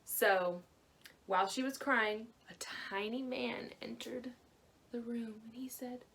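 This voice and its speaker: A woman librarian telling a fairy tale to children in a gentle, expressive way. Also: a little high, takes it slowly, creaky. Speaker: librarian storyteller. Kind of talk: storytelling to children.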